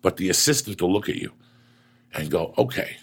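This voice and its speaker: A middle-aged man hosting a casual chat, a profane and animated storyteller with a gravelly, husky voice. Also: sits low, fairly quick.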